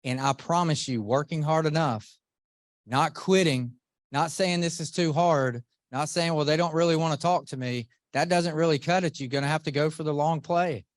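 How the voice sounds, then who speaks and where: A middle-aged man giving an earnest, animated motivational talk to a live group, often asking the audience questions. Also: on the high side, moderate pace, no echo, clean studio sound. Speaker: motivational speaker.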